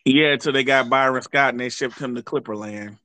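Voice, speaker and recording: A man's voice: medium pitch, a little fast, bright, forceful tone, no room sound. A man hosting a sports podcast, chatting casually with guests and then wrapping up the episode alone. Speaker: podcast host.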